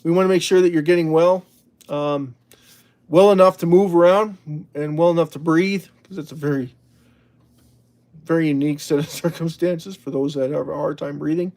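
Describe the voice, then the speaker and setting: A man whose voice runs on the high side speaks at normal speed with fairly even intonation and a darkish tone. As host of a casual livestream, he reads out the chat, rambling chattily with many restarts and laughs.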